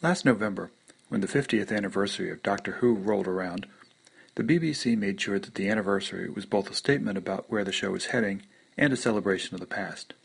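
A man's voice: fairly low pitch, quick pace, vocal fry, breathy edge. A man reading his own short story in a conversational way. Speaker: podcast contributor.

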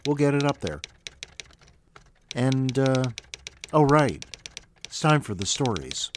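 A man's voice: mid-range voice, very animated, takes it slowly, slight background noise. Upbeat man hosting a story show. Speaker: podcast host. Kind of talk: casual show introduction.

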